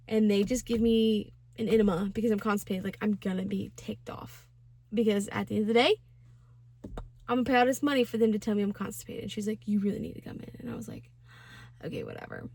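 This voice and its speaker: A woman in her twenties tells a personal story in a casual vlog, chatty and slangy, full of filler words. Her medium-pitched voice has a darkish tone, and there's no echo.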